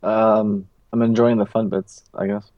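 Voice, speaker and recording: A man's voice: on the low side, flat delivery, unhurried, no room sound, muffled recording. A man co-hosting a podcast in casual chat, tossing in dry, crude quips. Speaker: podcast co-host.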